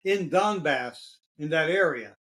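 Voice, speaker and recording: A man co-hosting a casual political chat, assertive and quick to correct. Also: on the high side, lively intonation, bright, forceful tone.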